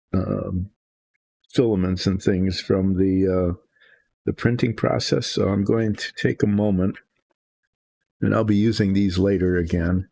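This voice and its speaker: Husky, gravelly man, casual hobby-painting host, self-mocking and indecisive. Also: lowish voice, darkish tone. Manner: rambling, self-deprecating, indecisive. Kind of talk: relaxed hobby chat while painting.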